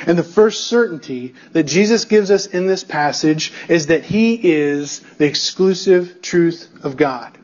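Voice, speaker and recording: Emphatic high-voiced male preacher, husky. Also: expressive, unhurried, hardly any pauses, a little mellow, dull audio. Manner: emphatic, building repetition with rhetorical checks. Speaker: pastor. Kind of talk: expository sermon.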